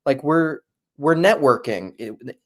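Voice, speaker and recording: A man's voice: a little high, lively intonation, slow. Chatty laughing male podcast host. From Minnesota. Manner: rambling, laughs easily. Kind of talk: casual chat.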